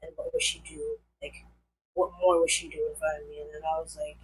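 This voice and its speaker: Young woman with a low voice rambling thru a storytime, lots of "like", faint hum behind. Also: little pitch movement, quick pace, rough recording. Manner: rambling, many fillers like "like" and "and all that stuff". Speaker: vlogger. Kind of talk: casual storytime.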